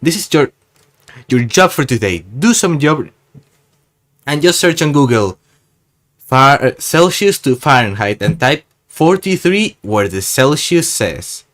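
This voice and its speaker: A man giving casual, sarcastic voice-over commentary over gameplay, rambling and ending many sentences with a quick "okay?". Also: medium pitch, sing-song, a bit bright. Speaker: gaming YouTuber.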